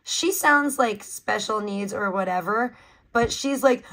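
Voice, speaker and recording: A woman's voice: sits high, normal speed, fairly bright tone, slightly rough, poor audio. A woman hosting a livestream, giving blunt, profane, mocking commentary in a casual ranting style.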